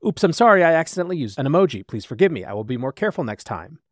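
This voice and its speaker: An unhinged AI chatbot, put on by a man, pleads and threatens in melodramatic, repetitive bursts. The delivery is quick with a wide, lively pitch. The recording is dry and close. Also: no echo. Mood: frantic apology. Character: unhinged AI chatbot, swings from groveling to menacing.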